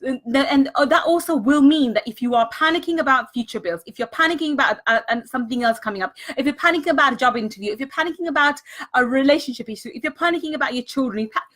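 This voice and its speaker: Woman, high pitch, live-stream coaching talk, earnest, repeats for emphasis, greets viewers. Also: quick pace, a bit bright. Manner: greets viewers and thanks them mid-talk. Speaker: money mindset coach.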